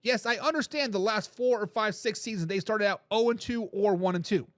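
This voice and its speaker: A man hosting a live sports talk show, giving loud opinions on football and reading out viewer comments. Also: sits high, brisk, no room sound, studio quality. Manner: animated, opinionated, reads chat comments aloud.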